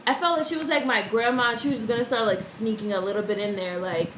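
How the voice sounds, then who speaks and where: Reading viewers' messages aloud and swearing without restraint, a woman chats on a live stream from her home. She speaks at normal speed with few pauses, in a fairly high, expressive voice, and the echoey room carries faint background noise.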